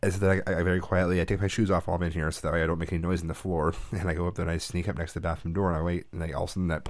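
A man in his thirties, a father who co-hosts a podcast, tells a family story in casual chat, animatedly acting out the quotes. His voice sits low and he speaks rapid-fire, and the sound is clean studio audio with no echo.

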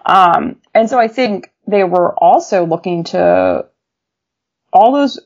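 Woman journalist guest, gravelly fry, lower voice, casual storyteller, muffled remote recording. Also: slow. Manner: animated, laughs often, many fillers.

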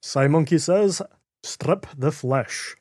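A man's voice: fairly high pitch, darkish tone, slightly rough. A man co-hosting a casual podcast, reading out listener messages. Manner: reads listener messages out slowly. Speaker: podcast co-host.

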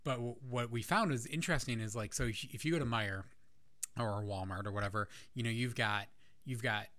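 A man's voice: medium pitch, a little fast, fairly bright tone. A man from the American Midwest chatting in an easygoing way and drifting into tangents. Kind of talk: casual chat.

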